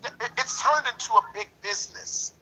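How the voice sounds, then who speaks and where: A man's voice: very high-pitched, moderate pace, bright, forceful tone, breathy edge, poor audio. A man in a lodge discussion talking in a preachy, emphatic way, repeating himself and leaning on "you know". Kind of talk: passionate casual discussion.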